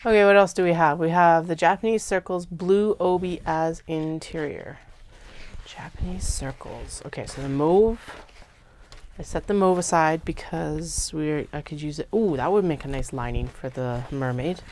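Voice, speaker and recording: A woman hosting a craft livestream, chatting casually and thinking aloud as she works, muttering notes to herself and sometimes dropping to soft whispers. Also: low-pitched, normal speed, a little hiss or hum. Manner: chatty, laid-back, drifts into soft whispers. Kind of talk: casual talk while working.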